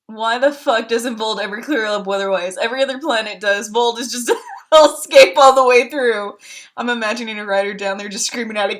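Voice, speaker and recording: A woman streamer in casual chat, telling game stories with frequent laughs and swearing, acting out her own outbursts. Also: brisk. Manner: animated storytelling, laughs often, swears, acts out her own outbursts in a high voice.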